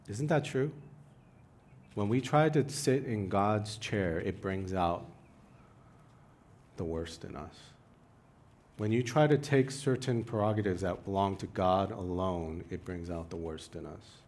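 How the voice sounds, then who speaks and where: A man preaching a sermon, who swings from loud, urgent pleading to quiet, hushed asides. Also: sits low, measured pace. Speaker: pastor.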